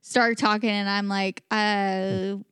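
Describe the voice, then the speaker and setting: A woman co-hosting a podcast in casual chat, animated and quick to act out quotes. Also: fairly high pitch, no echo, studio quality. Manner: chatty, acts out quotes with laughs. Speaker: podcast co-host.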